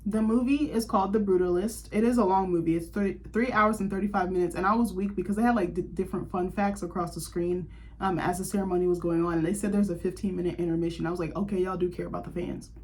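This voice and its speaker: A woman's voice: lowish voice, steady tone, quick pace, darkish tone, husky. A young woman hosting a casual chat show, gushing and chatty, filling her talk with "like". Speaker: host.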